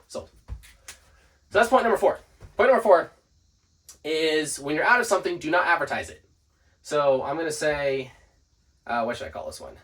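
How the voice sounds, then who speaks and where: A man hosting a business podcast, giving casual tips and acting out quick customer exchanges while writing points on a board. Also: fairly high pitch, sing-song, fairly bright tone, distant mic. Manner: writes on a board while talking. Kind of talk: casual instructional talk.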